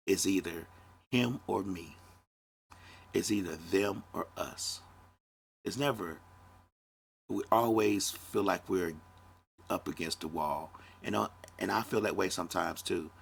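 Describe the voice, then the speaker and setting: Gravelly, blunt man in his fifties. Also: deep voice, fairly bright tone. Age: 50s. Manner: blunt, profane, conversational. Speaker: podcast host. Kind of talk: casual monologue.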